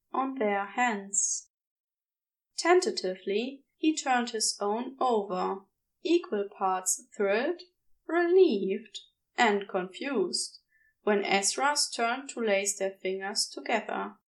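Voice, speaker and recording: A woman reading a fan story aloud as a podfic, in a measured, steady narration. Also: fairly high pitch, recorded from a distance. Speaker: podfic reader. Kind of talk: audiobook narration.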